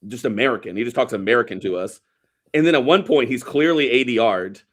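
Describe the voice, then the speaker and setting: A man's voice: mid-range voice, expressive, quick pace. A man co-hosting a casual movie podcast, rambling and wry, swearing casually as he picks apart scenes. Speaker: podcast co-host. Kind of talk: casual movie review chat.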